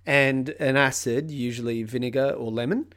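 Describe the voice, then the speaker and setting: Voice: medium pitch, fairly even intonation, normal speed, fairly bright tone. A quiz host reading out questions, explaining answers at length and patiently giving hints. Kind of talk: podcast quiz hosting.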